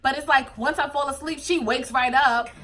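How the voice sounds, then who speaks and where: A young woman talks to her camera in a casual confessional vlog, speaking in with a bright, forceful tone. Her voice sits a bit high, and her talk is candid and emotional, full of fillers. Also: fairly even intonation, normal speed. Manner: emotional, tearful at times, candid, lots of fillers. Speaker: vlogger, new mother.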